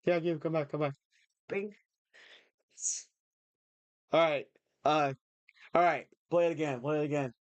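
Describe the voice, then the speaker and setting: A man's voice: a little high, steady tone, measured pace, long pauses, dry recording, muffled recording. A young man chatting on a livestream, emotional and rambling, restarting his sentences often. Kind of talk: casual livestream chat.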